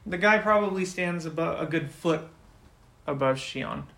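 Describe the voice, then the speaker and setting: A man runs a tabletop role-playing game as game master and narrates the scene. He talks in a slightly high voice and breaks into loud outbursts when he voices characters. The room gives his voice a noticeable echo. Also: normal speed, gravelly.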